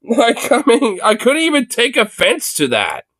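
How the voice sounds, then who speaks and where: A man's voice: very high voice, huge pitch swings, a little slow, fairly bright tone, dry recording. A man hosting a livestream, reacting to videos in casual, profane commentary, laughing often and mocking.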